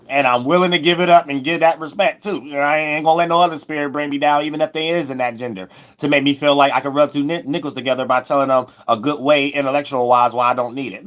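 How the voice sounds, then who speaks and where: A man giving a loose, rambling spiritual astrology monologue, repeating himself and breaking into sudden loud, high shouts. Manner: loose, preachy, repeats "you know what I'm saying", bursts into loud high shouts.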